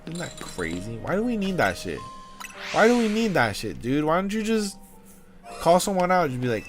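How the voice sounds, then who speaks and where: A man's voice: on the high side, sing-song, moderate pace. A young man chatting casually on a game livestream, rambling from one joke to the next, swearing freely and calling his viewers dude. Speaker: livestream gamer. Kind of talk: casual livestream chat while playing. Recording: game music playing under voice.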